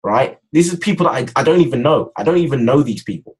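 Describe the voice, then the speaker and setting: A young man giving a casual, energetic sales training talk, repeating his points and addressing viewers as "guys". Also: mid-range voice, fast talker, slightly rough, poor audio. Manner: energetic, repetitive, speaks straight to viewers as "guys". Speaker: network marketing trainer.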